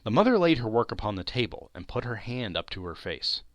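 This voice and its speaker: A man reading a classic novel aloud as an audiobook narrator, expressive and shifting his voice for the characters in quotes. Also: on the low side, brisk, dry recording. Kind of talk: scripted narration.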